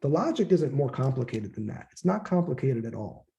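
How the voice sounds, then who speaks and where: With a gravelly, mellow, sing-song voice of medium pitch, a man lectures a little fast in a casual, conversational style. He voices the people he quotes and drops the occasional profanity.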